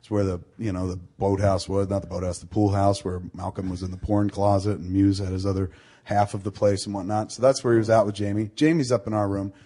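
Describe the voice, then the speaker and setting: Man, husky voice, lowish pitch, casual podcast chat, rambling profane storyteller. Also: little pitch movement, fast, mellow. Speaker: podcast host.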